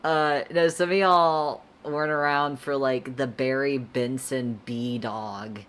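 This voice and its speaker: Young woman artist streamer, very deep voice, slow easy delivery, giggly and rambling. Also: fairly even intonation. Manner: laid-back, rambling, giggly, slangy. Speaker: artist streamer answering chat. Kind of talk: casual livestream chat while drawing.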